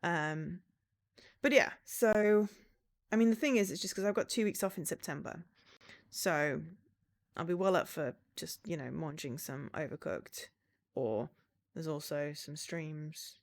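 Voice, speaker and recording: A woman's voice: sits low, unhurried. A woman streamer chatting casually with her viewers, rambling with restarts.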